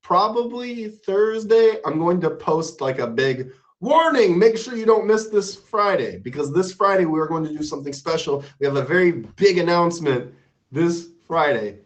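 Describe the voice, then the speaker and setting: A man's voice: on the high side, normal speed. A man hosting a live stream, chatting casually and playfully with his guest and viewers. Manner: animated, playful, shouting out supporters. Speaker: stream host.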